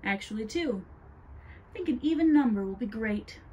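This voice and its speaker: Sugary mean witch, a lady doing the voice, high and sweet, mellow tone. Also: animated, moderate pace, husky. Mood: gloating. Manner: sugary, mocking, pitched up high. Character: sly cackling witch, gleeful and cruel.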